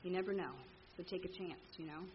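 A woman telling her recovery story to a meeting, candid and animated, acting out the people in it. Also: fairly low pitch, fast talker, highs cut off, a little hiss or hum. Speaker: speaker sharing at a recovery meeting. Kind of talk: personal story told to a meeting.

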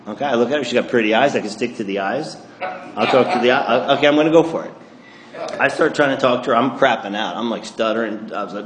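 A man's voice: medium pitch, brisk, roomy sound, a little hiss or hum. A man telling a self-mocking story about his drinking to an audience, acting out his own thoughts. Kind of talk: comic storytelling talk to an audience.

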